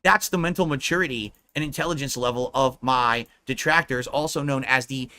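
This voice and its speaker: A man's voice: mid-range voice, brisk, bright, forceful tone. A man livestreaming, ranting in a profane, mocking, combative way.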